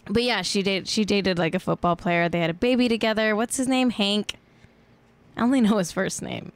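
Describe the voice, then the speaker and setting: A woman's voice: mid-range voice, moderate pace. A woman in her thirties from California hosting a casual celebrity-news chat on a live stream, rambling and laughing at herself. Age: 30s. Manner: rambling, self-mocking and giggly. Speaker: podcast host.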